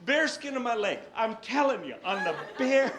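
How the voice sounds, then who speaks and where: A man from Tennessee doing stand-up, telling a long story in an animated, exaggerated way. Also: extremely high pitch, moderate pace, heavy background noise. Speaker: stand-up comedian. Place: stage before a live audience. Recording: live stage with audience laughter.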